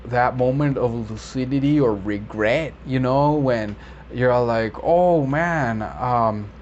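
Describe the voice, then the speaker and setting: A man who works as a medical interpreter, explaining vocabulary in a relaxed, rambling way with many fillers and self-corrections. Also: medium pitch, a little slow. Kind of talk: casual explainer video. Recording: slightly dull lo-fi audio with faint background noise.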